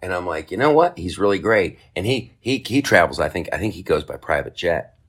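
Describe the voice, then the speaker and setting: A man hosting a podcast, telling a comic story in a casual, profane way and jumping into high mocking voices for other people. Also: sing-song, fairly quick, a bit bright, slightly rough. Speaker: podcast host.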